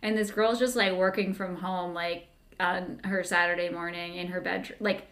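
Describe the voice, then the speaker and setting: A woman's voice: lowish voice, steady tone, normal speed, fairly bright tone. A woman co-hosting a podcast, telling a story in casual chat with many fillers and frequent laughs. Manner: giggly storyteller, lots of "like" fillers. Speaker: podcast co-host.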